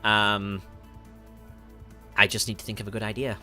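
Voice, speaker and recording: On a livestream Q&A, a music producer from the north of England reads out chat questions in a Northern English accent. His lowish voice has a flat delivery at a moderate pace, sounding pushed and bright. He laughs often and self-corrects, peppering his speech with ums.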